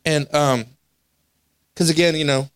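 Animated preacher with a higher voice. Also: male voice, a little slow, smooth, no room sound. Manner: animated, acts out quoted voices, laughs at himself. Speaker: pastor. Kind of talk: storytelling sermon. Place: church sanctuary.

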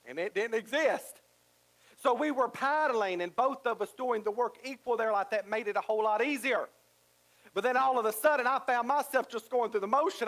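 A man with a high-pitched voice preaches a sermon in a drawl. He is middle-aged and builds his points through repetition and rising emphasis. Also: expressive, fairly quick, a bit bright, rough recording. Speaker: pastor.

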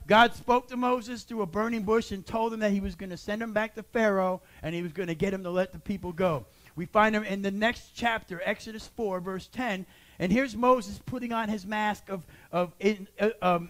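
A man who is a church pastor, preaching a sermon and building to shouted exhortations. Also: high-pitched.

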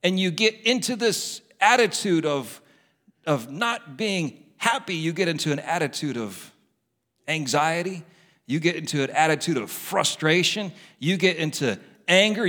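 A middle-aged pastor preaches in an emphatic sermon style, repeating his key phrases. His high voice swings widely in pitch as he plays the voices of complainers. The sound carries the long reverb of a church hall. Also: fairly bright tone.

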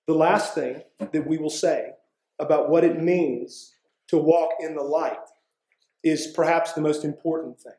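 A man delivers a sermon in an earnest, conversational way, with a fairly high voice for a man. He often pauses to check in with his listeners. The sound is roomy and echoey. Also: darkish tone. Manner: earnest, conversational preaching with frequent "right?" asides. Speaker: pastor.

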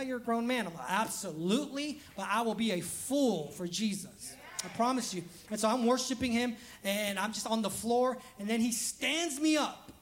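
A man's voice: very high voice, a bit bright. A man preaching a casual, humorous sermon as pastor, laughing often and acting out quoted voices.

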